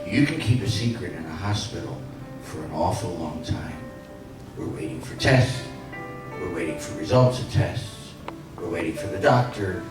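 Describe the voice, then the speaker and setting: Man in his sixties, motivational speaker, storytelling with jokes, low voice, distant in a reverberant hall. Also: animated, normal speed, over music. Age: 60s. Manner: storytelling with punchlines. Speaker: inspirational speaker. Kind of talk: motivational speech. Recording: echoey hall, heard from afar.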